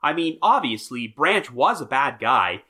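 A man's voice: mid-range voice, big pitch swings, unhurried, sharp tone, husky. A man hosting a true crime podcast, reading prepared notes in a wry, storytelling manner. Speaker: podcast host.

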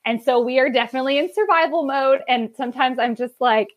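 Animated woman telling family stories. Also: sits high, fast talker, lo-fi sound. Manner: animated storyteller, lively quoted voices. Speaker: guest author. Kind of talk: conversational podcast interview.

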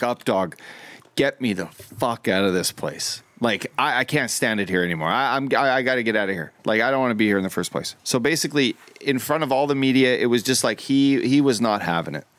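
A man co-hosting a podcast, a former hockey player telling stories in a rambling, profane, animated way. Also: mid-range voice, no room sound. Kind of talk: casual storytelling chat.

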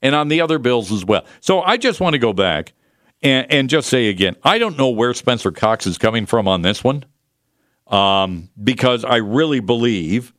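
A man's voice: mid-range voice, a bit bright, dry recording, clean studio sound. A man hosting a political talk radio show, delivering a combative, sarcastic monologue with mocking asides.

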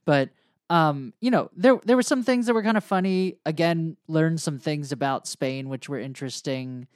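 A man's voice: a little high, normal speed, no room sound, clean studio sound. An American man co-hosting a podcast, chatting in an easygoing, agreeable way. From United States. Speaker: podcast co-host. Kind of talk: casual chat.

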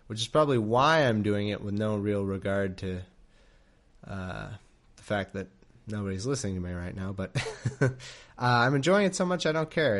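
A man's voice: lowish voice, fairly bright tone. Joking man reading and riffing. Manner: joking, laughing, rambling with restarts. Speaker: podcast host. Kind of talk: comedic Bible reading and commentary.

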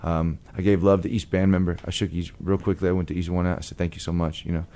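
A man from Long Beach, California, a blues guitarist, telling a story in a lively way and acting out the people in it. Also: deep voice, quick pace. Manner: lively, acts out the other people in his stories. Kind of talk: animated storytelling.

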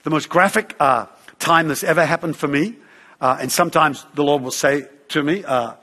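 A preacher with a husky, slightly high voice tells a story from the pulpit. He is animated and acts out the other people in it, with a lot of "uh" and "you know". A long reverb from the hall trails after his words. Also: moderate pace. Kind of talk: sermon storytelling.

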